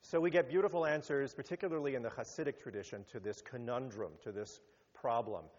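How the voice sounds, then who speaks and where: Animated man preaching in an echoing hall. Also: fast. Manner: animated, rising to emphatic peaks then dropping low. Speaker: rabbi. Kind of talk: sermon. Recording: muffled sound with long hall reverb.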